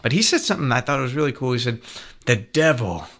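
A man co-hosting a talk show, telling a story with animated enthusiasm. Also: mid-range voice, fast talker. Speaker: co-host. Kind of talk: casual radio chat.

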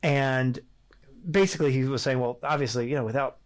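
A middle-aged man and father of five on a casual faith podcast, telling stories with frequent laughter and animated retellings. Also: medium pitch, a little fast. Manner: animated storyteller, laughs often. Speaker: podcast co-host.

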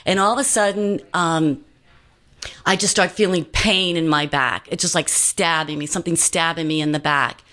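A woman's voice: low-pitched, fairly even intonation, normal speed, sharp tone. A woman guest telling a personal story in an earnest, meandering way, full of fillers and restarts.

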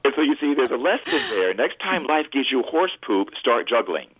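A priest telling a story in an animated way on a radio talk show. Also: male voice, medium pitch, normal speed, a little hiss or hum. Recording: tinny phone-like radio line.

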